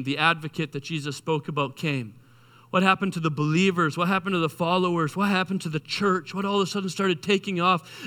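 Male pastor, sermon, bright and sharp tone, animated delivery with restarts, reverberant hall. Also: fairly high pitch. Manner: animated, repeats and restarts words.

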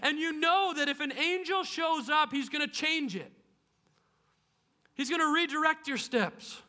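A man's voice: extremely high pitch, a little slow, bright, forceful tone. A man preaching a sermon in a casual, storytelling way with playful asides. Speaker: pastor.

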